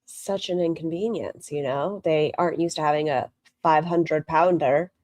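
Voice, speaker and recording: Lower-voiced woman streamer, sarcastic reaction commentary with swearing. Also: steady tone, normal speed, darkish tone, a little hiss or hum. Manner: sardonic, profane.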